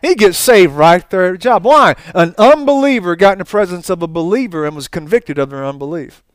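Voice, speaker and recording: High, smooth-voiced preacher man. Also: a little fast, no echo. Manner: folksy, animated testimony with asides and laughter. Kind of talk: storytelling sermon.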